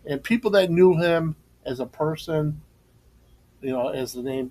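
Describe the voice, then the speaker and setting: A man's voice: a little high, moderate pace, warm tone, rough recording. Middle-aged male co-host, laughing storyteller, faint hum behind. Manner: storytelling, laughs often, emotional tribute. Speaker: co-host and former coach. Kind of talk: casual podcast chat.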